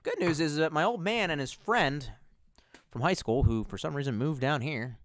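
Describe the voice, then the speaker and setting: A man's voice: on the high side, normal speed, fairly bright tone. A man chatting casually and profanely on a livestream, rambling from one thought to the next with self-mocking asides. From United States. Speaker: streamer.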